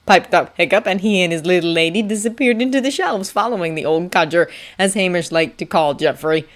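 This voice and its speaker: A woman narrating a fanfiction audiobook with a steady, expressive reading. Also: fairly low pitch, a little fast. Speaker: audiobook reader.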